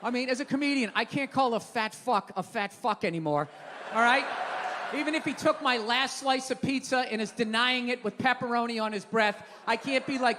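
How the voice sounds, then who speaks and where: A man doing a stand-up comedy set on stage, ranting and swearing and shouting his punchlines. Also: extremely high pitch, brisk. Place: live comedy venue stage. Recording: reverberant live hall with crowd noise. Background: audience laughter.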